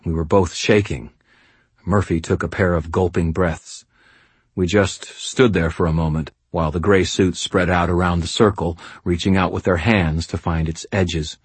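A very deep, husky male voice reads first-person fantasy narration with a wry, measured delivery. The recording is close and bone-dry, with no room sound. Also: steady tone, no room sound. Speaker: audiobook narrator.

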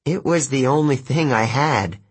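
Casting: male narrator voicing a teasing teen girl, a little flustered, husky tone. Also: medium pitch, a little slow, pitched above the performer's own voice. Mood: firm. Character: wry, sensible teenage girl.

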